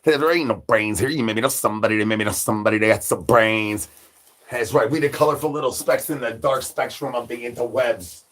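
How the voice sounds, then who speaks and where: A man's voice: mid-range voice, fairly quick. A man hosting a livestream, rambling in a hungry zombie persona with repetitive sing-song catchphrases and crude jokes. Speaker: livestream host.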